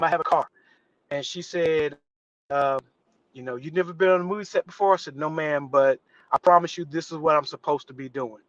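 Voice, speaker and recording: A man's voice: on the high side, dry recording, muffled recording. A man, an actor guest on a live interview show, telling a story and acting out the voices of the people in it. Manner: animated, acts out quotes with voice shifts.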